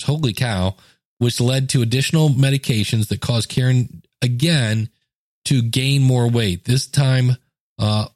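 A man's voice: medium pitch, no echo, clean studio sound. A middle-aged man hosting a solo podcast, reading a story aloud and adding earnest, chatty asides. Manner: earnest, conversational, with fillers and emphatic asides. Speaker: podcast host. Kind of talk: casual solo podcast talk, reading and commenting.

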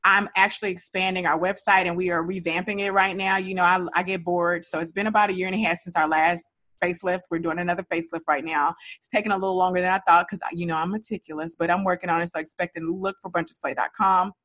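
A woman's voice: lowish voice, fast talker, no echo. A woman hosting her own podcast, talking casually and with energy straight to her listeners. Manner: chatty, animated, speaks directly to listeners. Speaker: podcast host. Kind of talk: casual solo podcast talk.

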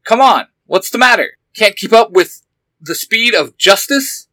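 A man's voice: sits high, animated, moderate pace, pushed and bright, no echo. A man voicing a cocky young male superhero who taunts his foe. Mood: taunting. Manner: taunting, confident.

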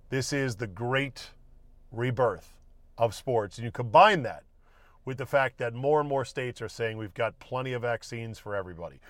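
A man's voice: medium pitch, no room sound. A man hosting a solo sports podcast, talking casually with wry jokes and an offhand manner. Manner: wry, joking, offhand, with swearing. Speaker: podcast host.

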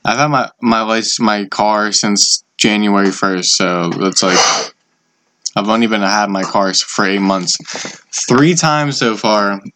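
A man's voice: lowish voice, measured pace, noisy background. A young man co-hosting a casual podcast, talking bluntly and swearing a lot. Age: young adult. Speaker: podcast co-host. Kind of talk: casual chat.

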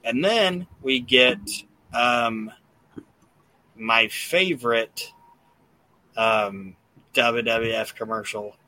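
A podcast host drawls out words and leaves long pauses in a mid-range voice that sounds pushed and bright. He's recapping wrestling shows casually, rambling, cursing a lot, and using many fillers.

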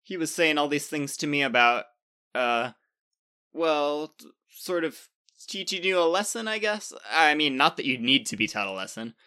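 Storybook role: a frightened, hesitant ice-giant planet, voiced by a man narrator, higher and bright. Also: animated, normal speed, smooth. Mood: nervous. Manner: stammering, hesitant. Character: timid male ice-giant planet, nervous.

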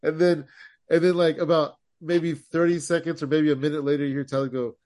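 A man's voice: on the high side, flat delivery, fairly quick, a little mellow. Man telling a story in podcast chat. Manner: storytelling, swears casually. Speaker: podcast co-host. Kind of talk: casual chat.

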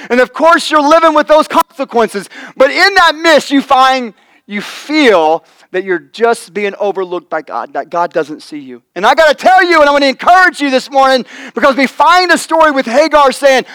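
High-voiced male pastor preaching earnestly. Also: a bit bright, dry recording, poor audio. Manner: earnest preaching, acting out quoted voices, swells and drops in volume. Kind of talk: sermon. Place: church sanctuary.

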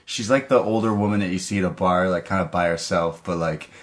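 A man's voice: deep voice, fairly quick. A man co-hosting a podcast, recapping a wrestling show in loose, rambling casual chat with many restarts. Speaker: podcast co-host.

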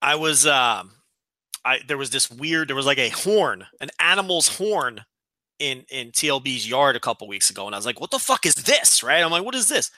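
A man's voice: mid-range voice, lively intonation, normal speed, sharp tone, no room sound. A man co-hosting a podcast, telling stories in casual chat with exasperated swearing. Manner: exasperated storytelling, heavy swearing. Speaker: podcast co-host.

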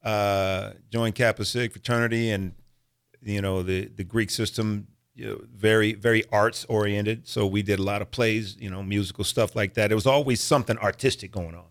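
Middle-aged guy, actor-comedian, chatty storyteller, laughs a lot, does quick voices. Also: on the low side. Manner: animated storyteller acting out voices, laughs often. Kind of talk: storytelling in a casual interview.

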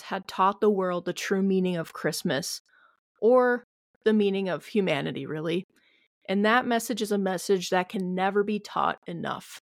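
A woman's voice: medium pitch, no echo, studio quality. A woman co-hosting a podcast in a casual, hesitant way, with many filler words and some mild swearing. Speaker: podcast co-host. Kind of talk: casual chat.

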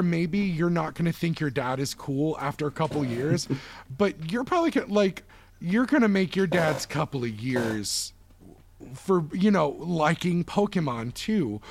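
A man in his thirties hosting a casual podcast chat, talking at length and telling stories in an animated, chatty way. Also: on the high side, no echo. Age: 30s. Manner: chatty, animated storyteller who acts out voices. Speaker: podcast host.

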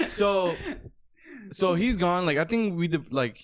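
A man in his twenties telling a story in casual chat, animated, swearing a lot and saying "bro" often. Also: high voice, a little slow, a crowd in the background. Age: 20s.

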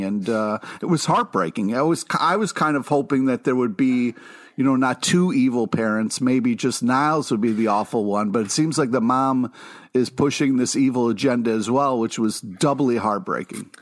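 A man co-hosting a casual TV recap podcast, blunt and quick to swear, laughing often. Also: medium pitch. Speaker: podcast co-host.

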